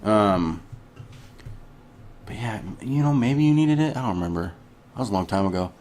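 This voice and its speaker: Male co-host, very deep voice, laid-back, lots of "mm-hmm" agreement. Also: animated, normal speed, darkish tone. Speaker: podcast co-host. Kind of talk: casual chat.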